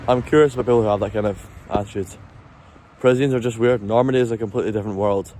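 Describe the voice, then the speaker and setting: A man's voice: on the low side, fairly even intonation, rapid-fire, mellow, slight background noise. Chatty Scottish man streaming on the street. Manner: chatty, swears a lot, talks to chat. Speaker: livestreamer. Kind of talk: casual street livestream. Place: outdoors on a city street at night. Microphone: handheld phone.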